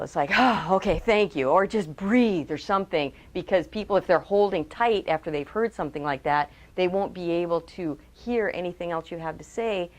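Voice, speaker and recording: A woman trainer giving a webcast talk on public speaking. She is lively, asks her audience direct questions and acts out quotes in changed voices. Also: on the low side. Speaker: communication trainer.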